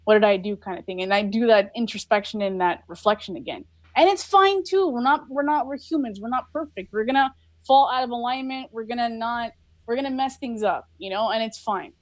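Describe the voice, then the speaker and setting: A woman's voice: a little high, fairly quick, no room sound. Earnest woman with filler likes. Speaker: podcast guest. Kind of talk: casual conversation. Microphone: recorded over a live video call.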